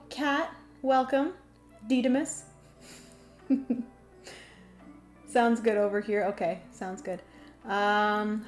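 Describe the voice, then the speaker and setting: An excitable young woman hosts a livestream, chatting casually and laughing often as she greets viewers. Her voice sits a bit high, and faint music plays quietly behind her. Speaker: livestream host. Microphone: desk microphone.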